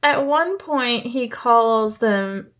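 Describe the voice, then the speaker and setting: A woman's voice: fairly high pitch, lively intonation, drawn-out words, a bit bright. A young adult woman co-hosting a podcast, recapping a movie in casual chat, swearing freely and acting out characters' lines. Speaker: podcast co-host.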